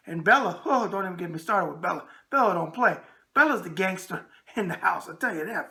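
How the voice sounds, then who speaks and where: A raspy-voiced man with a New York accent hosting a show, bantering in a brash wise-guy way. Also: sits high, animated, fast, bright, forceful tone. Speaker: host. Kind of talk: casual call-in talk show.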